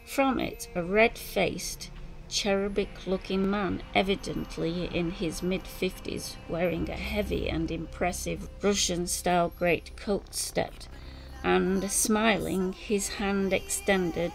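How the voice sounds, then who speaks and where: A woman reading an audiobook in measured, scripted narration. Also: on the low side, fairly even intonation, creaky, rough recording. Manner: slow, measured reading with voiced dialogue. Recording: music bed under narration.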